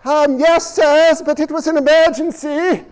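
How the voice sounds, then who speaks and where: A sheepish, apologetic man who stammers out excuses, as a preacher puts him on. The voice is lifted higher than the preacher's own, and the delivery is hesitant and meek. It carries a long reverb from a large hall. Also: fairly even intonation, measured pace, a little mellow.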